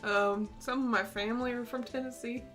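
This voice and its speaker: A woman's voice: on the high side, steady tone, brisk, a bit bright, soft background music. A woman giving casual, chatty commentary while playing a game, laughing often. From United States. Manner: giggly, chatty. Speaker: let's play host.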